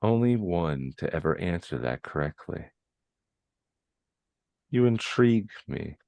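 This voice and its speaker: A man's voice: deep voice, expressive, unhurried, creaky, warm tone, full character voice. A man voicing an ancient cosmic tree spirit that teases by echoing the player's words in a sassy valley-girl voice. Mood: intrigued.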